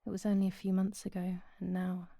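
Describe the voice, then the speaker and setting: An actress playing a grieving young woman who narrates her loss in a hushed, melancholy game voice. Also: mid-range voice, little pitch movement, a little fast, creaky, no echo, clean studio sound. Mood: sorrowful.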